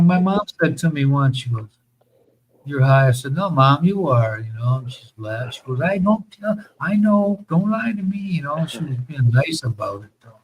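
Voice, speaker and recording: A man's voice: on the high side, dull audio, a little hiss or hum. A man telling rambling, profane stories about his school days in a casual chat, laughing as he goes.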